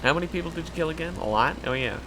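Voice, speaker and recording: A man's voice: on the high side, expressive, very fast, over music. A young man giving casual, rambling commentary over a driving game, sarcastic, swearing freely and laughing often. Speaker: gaming YouTuber.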